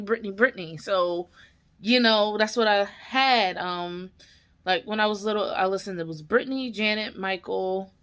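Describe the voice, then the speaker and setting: A woman talks slowly through a casual reaction video. She is tearful and emotional, rambling from thought to thought with lots of ums and restarts. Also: medium pitch, fairly bright tone.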